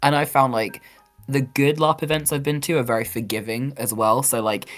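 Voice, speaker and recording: A woman's voice: a bass voice, steady tone, moderate pace, soft background music. A woman guest on a podcast, talking in a chatty, self-deprecating way and acting out quotes. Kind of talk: casual chat.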